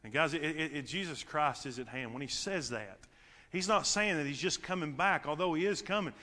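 A man preaching a sermon as pastor in a church sanctuary, swinging from shouting to a quiet, intimate near-whisper. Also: on the high side, a little fast, big-room sound.

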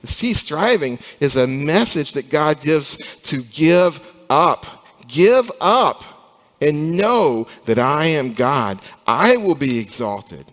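A young adult man, a pastor, preaching a sermon, rising from quiet, slow passages to loud emphasis. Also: on the high side, expressive, long reverb tail.

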